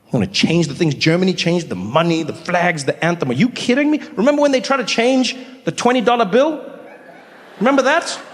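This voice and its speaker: A man performing a stand-up comedy routine on a theater stage, telling stories with animated shifts into other voices. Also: sits high, brisk. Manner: animated storytelling, swings between voices. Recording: live hall with long reverb.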